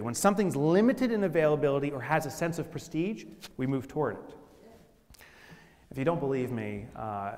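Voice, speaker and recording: A man telling funny stories as a business speaker in a keynote talk, animated and playful. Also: mid-range voice. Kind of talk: humorous keynote storytelling. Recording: long hall reverb.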